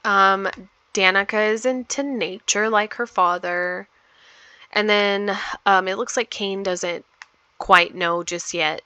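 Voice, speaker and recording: A woman's voice: mid-range voice, steady tone, slow pace, sharp tone, smooth, no room sound. Chatty woman narrating her gameplay. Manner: chatty, rambling with many ums. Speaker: gameplay vlogger. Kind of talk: casual game commentary.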